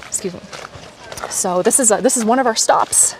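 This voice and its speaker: A woman livestreaming as she walks a lakeside trail outdoors, chatting to her viewers in a lively, animated way. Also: a little high, moderate pace, recorded from a distance, a little hiss or hum. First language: Polish. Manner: chatty, animated, talking to chat while hiking. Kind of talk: casual live stream chat.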